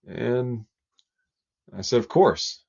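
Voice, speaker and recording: A man voicing a humble, shy male stuntman who speaks haltingly, full of "uh" and "you know", on dull lo-fi audio. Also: medium pitch, lively intonation, creaky, a little mellow, slightly rough, voice pushed up, heavily acted. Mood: earnest.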